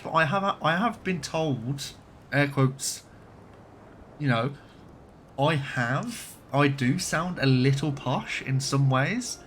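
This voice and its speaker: A man's voice: medium pitch, expressive, slow, fairly bright tone, slight background noise. A man from Birmingham with a light Birmingham accent, chatting casually and swearing now and then while live-streaming a game. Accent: light Birmingham English. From Birmingham, England.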